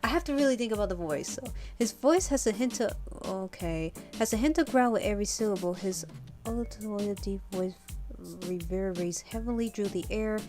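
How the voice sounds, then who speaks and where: A woman's voice: medium pitch, normal speed, a little mellow. A woman playing through a visual novel, commenting casually, swearing freely and laughing at herself. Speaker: let's play streamer. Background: faint game music.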